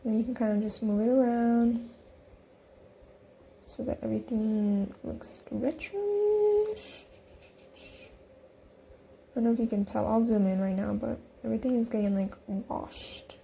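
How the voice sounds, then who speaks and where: Young adult woman, chatty tutorial host; mellow, slightly gravelly tone, faint background hiss. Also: fairly high pitch, sing-song, a little slow, long pauses. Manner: chatty, giggly, talks through each click. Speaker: design tutorial creator. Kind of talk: casual screen-recorded tutorial.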